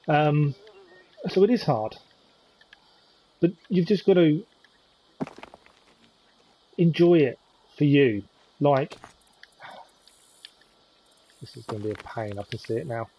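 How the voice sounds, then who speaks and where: A man's voice: fairly high pitch, darkish tone, breathy edge, poor audio. A man chatting with viewers as he thinks aloud during a live-stream gameplay commentary.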